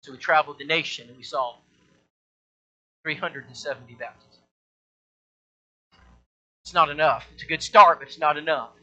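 A man's voice: a little high, moderate pace, long pauses, sharp tone, lo-fi sound. A male preacher delivering a sermon in an emphatic, repetitive, rallying way.

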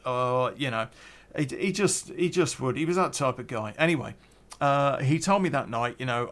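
A man's voice: mid-range voice, expressive, normal speed, fairly bright tone. A middle-aged man casually telling a story on a podcast, rambling and hesitant, with many fillers and restarts.

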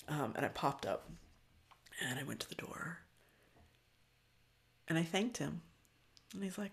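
A woman hosting a podcast, talking in a loose, candid, profane way about spiritual matters, with frequent ums and soft near-whispered stretches. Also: sits low, fairly quick, pauses often. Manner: often drops to a soft, breathy near-whisper. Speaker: podcast host. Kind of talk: casual spiritual reflection.

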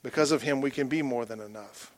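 A middle-aged pastor preaching a sermon, folksy, moving from quiet asides to loud rousing calls. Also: male voice, mid-range voice, fairly quick.

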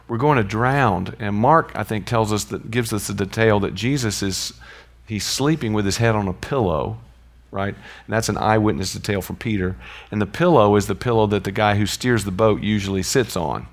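Gravelly-voiced man teaching Bible. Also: on the low side, moderate pace. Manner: conversational, chuckling asides. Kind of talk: informal Bible teaching with personal stories.

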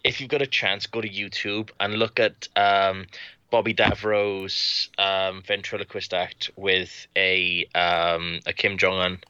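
Male, low and sharp-toned; dry close mic, casual podcast banter. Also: level tone, slow, clear, resonant tone, no room sound, dull audio. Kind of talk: casual chat.

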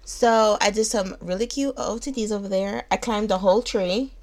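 A woman's voice: medium pitch, moderate pace, darkish tone. A woman co-hosting a podcast, telling trip stories in a loose, profane, joking casual chat. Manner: loose, profane, jokey storytelling. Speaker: podcast co-host.

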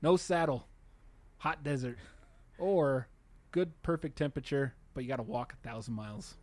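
A man in a casual chat, reasoning out loud and cracking jokes. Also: medium pitch, normal speed, no room sound.

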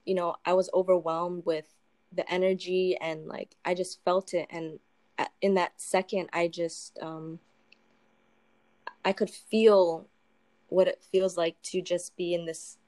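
A woman singer-songwriter talking in a casual interview, soft-spoken and reflective, with many pauses and ums. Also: lowish voice, level tone, no room sound.

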